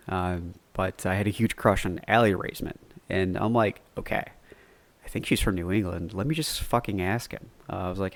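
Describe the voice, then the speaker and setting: A podcast host with a low male voice tells a story from his own life, meandering and relaxed, dropping the odd curse word. The sound is dry, with no room around it. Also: no echo. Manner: rambling, loose, cusses freely. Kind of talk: casual solo storytelling.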